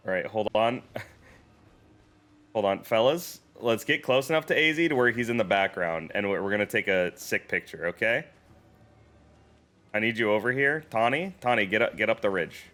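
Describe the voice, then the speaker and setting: A man streaming a video game, chatting casually, reading its dialogue aloud and reacting with excited, jokey swearing. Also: fairly low pitch, moderate pace, pauses often. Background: faint game music.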